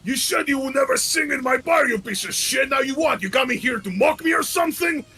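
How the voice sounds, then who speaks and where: A man shouting as a gravelly wolf bartender. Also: extremely high pitch, a little fast, soft background music, voice pushed up, heavily acted. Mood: furious. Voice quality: gruff, gravelly. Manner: shouting insults. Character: big burly older gruff male wolf bartender, hot-tempered. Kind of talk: tabletop game character voice.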